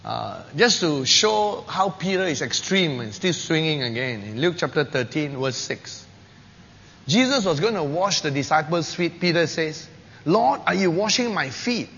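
A man preaching a sermon, telling scripture stories with lively, acted-out quotes. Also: measured pace, gravelly, husky. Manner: animated storytelling, acting out quotes with rising pitch and loudness. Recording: dull lo-fi recording with long hall reverb and faint noise.

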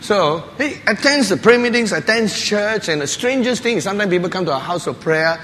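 Man preaching, fairly high voice, bright tone, long hall reverb, faint background hum. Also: brisk. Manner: animated storytelling with laughter, barking imitations. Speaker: pastor. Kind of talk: sermon.

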